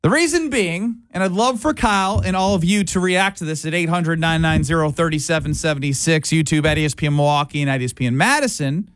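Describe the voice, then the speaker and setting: A man's voice: sits high, a bit bright, dry recording. A man hosting sports radio, talking in a loose, rambling way with lots of fillers. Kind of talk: casual sports talk.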